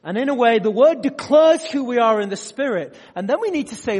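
A male preacher with a high, lively voice that keeps climbing and dropping. He moves from loud emphatic bursts to quiet asides and keeps checking in with the room. His voice rings with the long reverb of a large hall. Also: brisk, hardly any pauses, slightly rough. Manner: asks the audience direct questions. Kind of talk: sermon.

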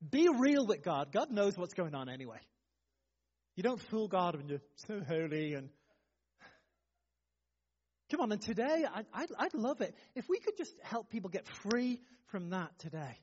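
A man preaches in a warm, conversational way, asking his listeners one question after another. His voice swings widely in pitch. The recording sounds somewhat dull and lo-fi. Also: normal speed, long pauses, breathy edge. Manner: lively, conversational preaching with frequent rhetorical questions. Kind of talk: sermon.

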